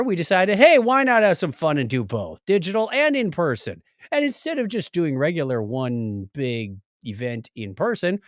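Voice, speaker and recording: Animated man co-hosting a podcast. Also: medium pitch, dry recording, studio quality. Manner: animated, jokey, bursts of loud exclamation. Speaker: podcast co-host. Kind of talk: casual chat.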